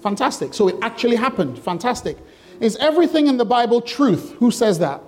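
Very animated and fairly quick, this pastor's very high voice fills a church hall as he preaches interactively. He jokes, chats, quizzes the congregation and teases them.

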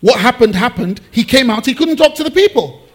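A man with a high voice preaches a sermon to his congregation. He keeps it lively and conversational, dropping into playful voices as he acts out biblical characters. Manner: animated, acts out biblical figures in quick asides. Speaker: pastor.

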